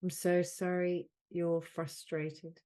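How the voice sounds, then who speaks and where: Woman, low voice, warm and mellow tone, guided healing session, slow soothing repeated phrases, video call. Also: flat delivery. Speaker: soul mentor leading a group call.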